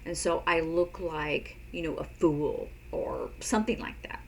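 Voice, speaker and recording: A woman teaching a sign language lesson in a casual spoken style, unhurried and repeating words as she demonstrates signs. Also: low voice, gravelly, slight background noise, low-quality recording.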